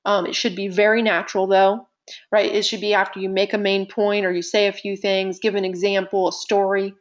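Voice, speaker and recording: A woman teaching presentation skills in a live online session, talking conversationally with deliberate pauses and shifting loudness. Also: mid-range voice, muffled recording. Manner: animated, conversational, uses deliberate pauses and vocal dynamics.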